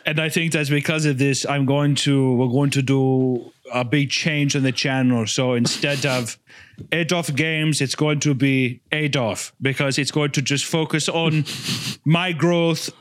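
A man's voice: mid-range voice, steady tone, unhurried. A man riffing in comedic podcast banter, parodying a YouTuber's upbeat delivery with frequent laughter. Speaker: podcast co-host.

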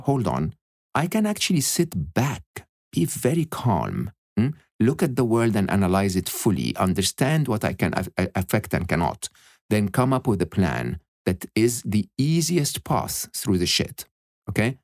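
A man talking as a podcast guest, animated and emphatic, often checking in with "okay?" and "hmm?". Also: medium pitch, dry recording, clean studio sound. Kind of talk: reflective interview talk.

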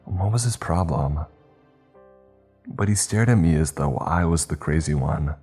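A man reading a horror story aloud in steady, measured, scripted narration. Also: rumbling low, husky, soft background music.

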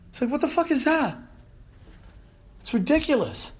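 A male podcast host telling a comedic solo rant, animated and loud, shouting in the voices he quotes. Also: extremely high pitch, moderate pace. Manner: animated storytelling, loud put-on yelling in quotes.

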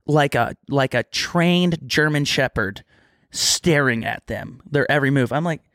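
A man's voice: medium pitch, unhurried, fairly bright tone, no echo, clean studio sound. A young man co-hosting a podcast, telling long rambling stories in casual chat with a lot of "like". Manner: rambling storyteller, heavy use of "like". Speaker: podcast co-host.

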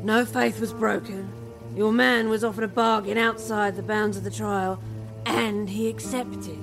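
A blunt, chain-smoking barmaid from an audio drama, speaking with a rough, gravelly edge. A music score runs underneath. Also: female voice, medium pitch, fairly even intonation, measured pace. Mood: dismissive. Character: bony, chain-smoking older barmaid, dismissive.

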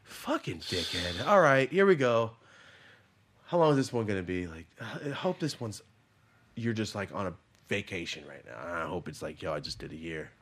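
Low-voiced man, blunt and profane. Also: sing-song, normal speed. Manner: profane, blunt storytelling that acts out quoted voices; swings between low mutters and loud bursts. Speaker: podcast host. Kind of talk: casual chat.

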